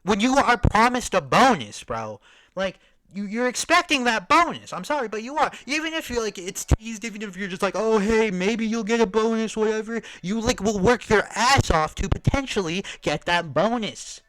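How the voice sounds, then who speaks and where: A man ranting in a reaction commentary, heated and profane, swinging from shouts to mutters. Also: sits high, very animated, moderate pace, a little hiss or hum, rough recording. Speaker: commentary streamer.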